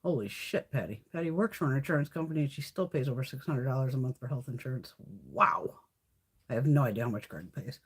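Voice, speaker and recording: A woman's voice: low voice, husky. A woman hosting a beauty livestream, telling stories in blunt, profane casual chat with snarky asides.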